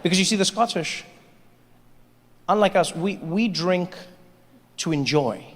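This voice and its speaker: A man's voice: high-pitched, unhurried. A man performing stand-up comedy, telling a story and acting out the people in it. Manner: animated storytelling, acting out voices. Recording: live hall with reverb, faint ambience.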